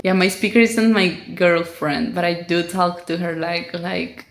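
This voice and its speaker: Slow, gravelly Mexican-accented young woman. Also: fairly low pitch, steady tone. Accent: Mexican Spanish. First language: Spanish. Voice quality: voice sounds close to crying. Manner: rambling, self-conscious, giggly asides. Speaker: vlogger. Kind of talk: casual chat to camera.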